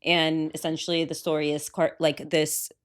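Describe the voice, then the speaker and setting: A young woman co-hosting a casual podcast, excitable and swearing freely as she recaps stories. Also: sits low, moderate pace. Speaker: podcast co-host. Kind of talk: casual chat.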